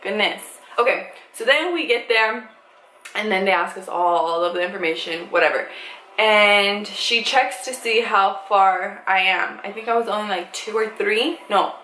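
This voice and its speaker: Young woman, vlogger, casual storytime, animated, acts out quotes, echoey room, faint background hiss. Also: medium pitch, moderate pace. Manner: animated, swears freely, acts out quoted dialogue.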